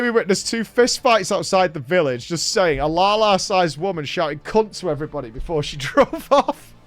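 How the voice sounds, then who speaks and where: A man with a high-pitched voice tells a rowdy story in a casual podcast chat. He swears freely and laughs his way through it. The sound is dry and close, with faint music underneath. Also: dry recording. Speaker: podcast host.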